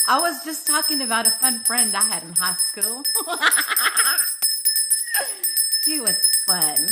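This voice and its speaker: Bright-voiced woman laughing thru a teasing live chat, slow and joking, bit bawdy. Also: mid-range voice. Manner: giggly and teasing, laughs constantly. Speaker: livestream host. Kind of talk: casual live chat with viewers.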